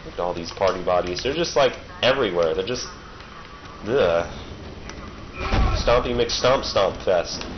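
Deep-voiced and animated, this let's-play gamer speaks at a measured pace and pauses often as he jokes playfully while playing. His commentary wanders, and game noise muffles the recording.

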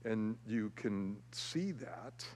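A man preaching a verse-by-verse Bible teaching as a pastor, speaking conversationally with many fillers and restarts and getting animated when he tells stories. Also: on the low side, extremely slow, big-room sound. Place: church sanctuary.

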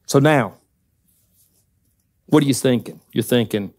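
A man preaching a sermon to his congregation in a church, passionate and excitable, speaking straight to the people in front of him. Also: mid-range voice, unhurried. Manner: talks directly to the congregation. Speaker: pastor. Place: church sanctuary.

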